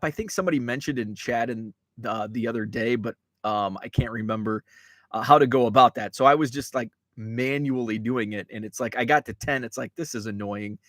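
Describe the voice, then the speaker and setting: A man chats on a relaxed live hobby stream, reading viewers' messages aloud and rambling with lots of "uh" and "um". His voice sits at an ordinary middle pitch. The sound is dry and close, with no room echo. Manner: rambling, chatty, many fillers and restarts. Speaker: podcast host reading live chat. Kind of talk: casual live-stream chat.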